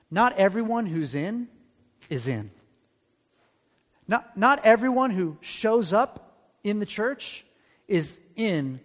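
A high-voiced male pastor preaches a sermon in a church sanctuary, his conversational delivery punctuated by rhetorical questions. The hall is reverberant, giving the recording a long reverb.

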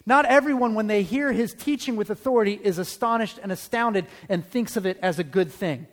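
Long hall reverb fills the recording of this sermon in a church sanctuary. The pastor, a man with a high-pitched voice, talks conversationally and checks in with his congregation through quick rhetorical questions.

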